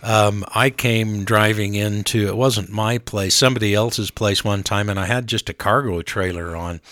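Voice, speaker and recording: A man's voice: on the low side, steady tone, normal speed, fairly bright tone, no echo. A man hosting a radio show, chatting casually and chuckling often. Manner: chuckling, easygoing banter.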